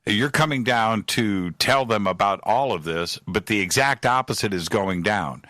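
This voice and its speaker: A male radio host with a lowish but bright, forceful voice, energetic as he recaps and presses his guest. The sound is close and dry. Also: normal speed, no room sound. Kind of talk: radio interview.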